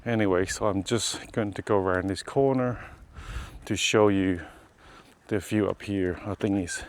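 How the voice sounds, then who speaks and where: A man with a fairly low voice narrates his own outdoor walk in a casual, chatty way. He points things out to his viewers as he goes. Faint outdoor ambience sits behind him. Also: fairly even intonation, measured pace, a little hiss or hum. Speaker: vlogger. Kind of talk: casual walking tour narration. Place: outdoors on a rural hillside road.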